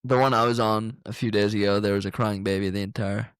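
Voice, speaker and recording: A man's voice: on the low side, fairly even intonation, fairly quick, clear, resonant tone, dry recording, studio quality. A young man co-hosting a casual chat from his laptop over a video call, telling stories in a laid-back way, full of fillers. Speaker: co-host. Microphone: laptop mic on a video call.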